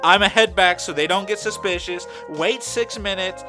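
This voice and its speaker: A man's voice: sits high, moderate pace, over music, natural voice. A man voicing a sly, teasing young female castaway who schemes. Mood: smug. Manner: smug, teasing.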